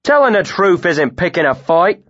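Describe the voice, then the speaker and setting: A surly, indignant mercenary who grumbles and argues at every turn, acted by a man reading the story. His voice comes out loud and lifted with lively swings in pitch. The recording is dry and a little dull. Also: moderate pace, no room sound, exaggerated voice. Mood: combative. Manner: grumbling, combative. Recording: dry, slightly muffled studio recording.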